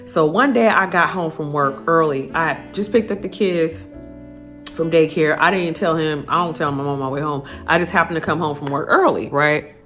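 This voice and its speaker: An adult woman, telling a personal story to camera in a candid, profane, lively way. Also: low-pitched, normal speed, faint music behind. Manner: candid, profane, animated retelling. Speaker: vlogger.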